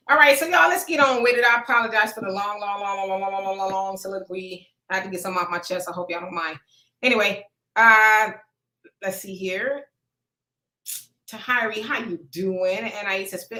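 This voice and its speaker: A woman's voice: mid-range voice, bright, forceful tone. A woman hosting a casual live chat, reading out viewer comments in a laid-back, folksy way and laughing often. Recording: echoey room.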